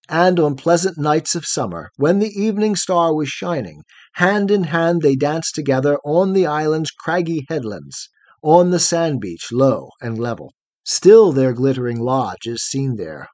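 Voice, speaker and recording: Man reciting poetry with steady rhythm. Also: on the high side, no room sound. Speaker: audiobook narrator. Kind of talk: scripted poetry narration.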